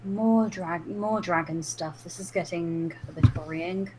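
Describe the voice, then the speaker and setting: A woman's voice: lowish voice, unhurried, background noise. A woman playing a tabletop game, asking thoughtful questions in casual chat. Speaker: player.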